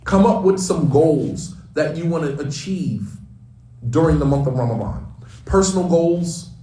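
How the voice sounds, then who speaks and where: Imam, roomy distant sound. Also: male voice, on the high side, animated, measured pace, warm tone. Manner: conversational, emphatic, repeats phrases. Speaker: imam giving a morning reminder. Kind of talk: casual religious talk.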